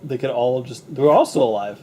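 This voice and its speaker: A man's voice: mid-range voice, a little fast, dark tone, slight background noise. A young man co-hosting a casual movie review chat, easygoing and agreeable.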